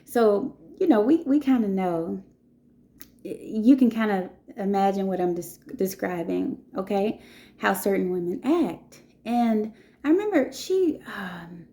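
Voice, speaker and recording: A woman in her thirties speaks to her viewers in a relaxed, conversational monologue. Her voice is dark and mellow. She keeps checking in with "okay?" and "you know" as she goes. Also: mid-range voice, moderate pace. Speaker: vlogger. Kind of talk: casual storytelling monologue.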